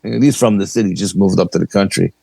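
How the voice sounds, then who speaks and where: A New York man with a low, gravelly voice talks quickly on a podcast, recorded with no room sound. He's a paranormal investigator appearing as a guest, casually telling a story and animatedly acting out its dialogue.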